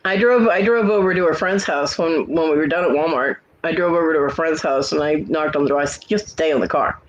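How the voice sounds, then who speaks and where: A woman's voice: low voice, fast talker, muffled recording. A woman host in casual chat, bluntly telling salty family stories with a laugh.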